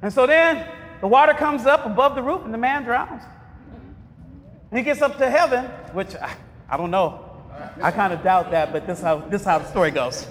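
A man preaching a sermon, asking the congregation to finish his lines and breaking into shouts. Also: very high-pitched, lively intonation, normal speed, pauses often. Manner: call-and-response questions, bursts of shouting. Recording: long reverb of a large hall.

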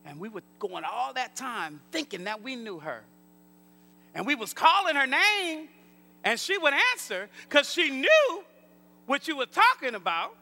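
High, bright-voiced preaching pastor. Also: male voice, big pitch swings, measured pace, vocal fry, slight background noise. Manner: preaching with call-and-response, rising to shouts. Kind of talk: sermon.

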